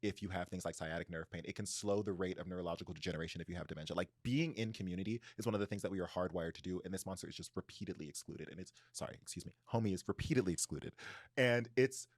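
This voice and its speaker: A man's voice: sits low, rapid-fire, no room sound, studio quality. A man co-hosting a casual book discussion, retelling a story animatedly with lots of "like" fillers. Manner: animated, frequent "like" fillers, laughs while telling. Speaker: podcast co-host.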